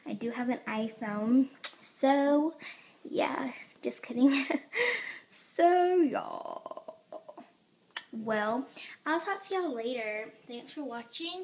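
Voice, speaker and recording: A woman's voice: sits high, animated, extremely slow, long pauses, darkish tone. A teenage girl giving a casual, rambling room tour vlog, filmed on a handheld phone in her bedroom, full of fillers and joking asides. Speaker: vlogger. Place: bedroom at home.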